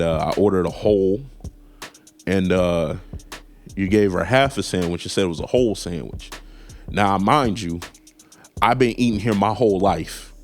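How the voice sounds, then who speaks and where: A man hosting a casual talk show, telling a comedic story and acting out both sides of a phone call in put-on voices. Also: deep voice. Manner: animated, acts out phone calls in put-on voices. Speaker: podcast host.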